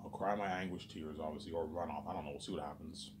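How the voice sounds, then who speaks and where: Fast-talking low-voiced man ranting. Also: fairly even intonation, noisy background. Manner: repetitive, peppers speech with "obviously" and "man"; agitated, swears often. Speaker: vlogger. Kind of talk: rambling monologue.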